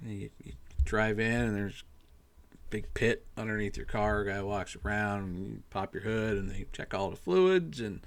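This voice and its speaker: Guy ranting to himself, lotta "you know"s, swears a bunch, kinda low voice. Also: moderate pace, creaky. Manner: profane, rambling, exasperated, lots of fillers. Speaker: podcast host. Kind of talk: casual ranting monologue.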